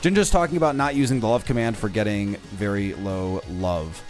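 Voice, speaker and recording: A man's voice: lowish voice, brisk, darkish tone. A man streaming a game, chatting casually with viewers in playful, teasing, mock-insulting banter, with music playing behind him.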